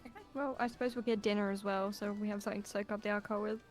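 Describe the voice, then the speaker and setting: A woman's voice: medium pitch, fairly even intonation, rapid-fire, faint music behind. A woman playing a tabletop game, chatting casually and joking at her own expense. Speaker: player.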